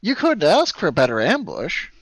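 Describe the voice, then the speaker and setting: A man's voice: sits high, huge pitch swings, normal speed, breathy edge, dry recording. A man playing a tabletop game, arguing his point in a persuasive, pushy way. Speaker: player. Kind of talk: in-character tabletop play.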